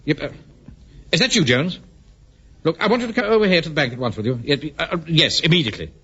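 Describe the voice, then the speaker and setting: A pompous middle-aged bank manager and captain who blusters and swings his voice up and down for effect. The old broadcast sounds muffled under a steady hiss. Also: a little high, fast talker. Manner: pompous, self-important and blustering. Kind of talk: 1970s radio sitcom acting. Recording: hissy, dull old radio recording.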